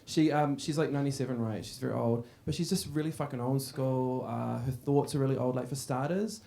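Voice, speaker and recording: A man's voice: mid-range voice, fairly even intonation, brisk, creaky, dark tone. A man doing a stand-up set in a club, brash and crowd-teasing, swearing freely and laughing. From Australia. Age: 30s. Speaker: stand-up comedian. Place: comedy club stage.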